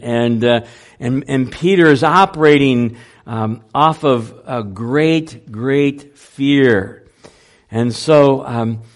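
A man preaching a sermon, unhurried and halting, with frequent fillers and restarts. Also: medium pitch. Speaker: pastor.

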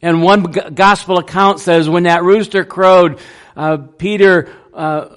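A man preaching a sermon, unhurried and halting, with frequent fillers and restarts. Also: sits high, fairly even intonation, a bit bright, clean tone. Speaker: pastor.

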